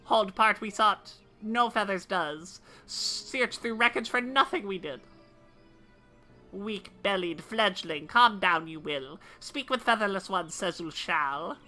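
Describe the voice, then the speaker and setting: A woman voicing a gruff male bird-man crafter who speaks in inverted, broken word order, reading game dialogue aloud in character. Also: mid-range voice, expressive, takes it slowly, sharp tone, soft background music. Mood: solemn.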